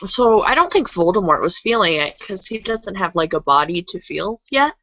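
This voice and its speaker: A woman co-hosting a casual book-club podcast, explaining her points deliberately. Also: mid-range voice, sing-song, sharp tone, dry recording, highs cut off. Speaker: podcast co-host.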